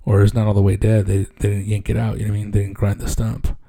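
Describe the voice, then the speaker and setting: A man spins a casual story in a gravelly voice with plenty of vocal fry. He talks loosely and swears freely. When he quotes other people, his voice jumps up and gets louder. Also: lowish voice, completely flat delivery, fast talker. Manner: laid-back and profane, peppered with "dude"; acts out other people's lines in raised voices.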